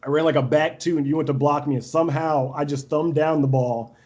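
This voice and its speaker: A young man swaps stories in a loose podcast chat, voice sitting on the higher side for a man. He talks with brash confidence and keeps breaking into laughter. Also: a little fast, lo-fi sound. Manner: brash, animated, laughs often. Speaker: podcast guest, volleyball coach. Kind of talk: casual storytelling interview.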